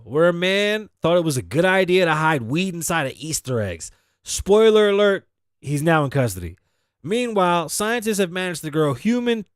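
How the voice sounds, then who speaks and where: Joking talk-show host, higher man's voice. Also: no echo, clean studio sound. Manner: joking, profane, animated. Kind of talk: casual talk-show monologue. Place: studio.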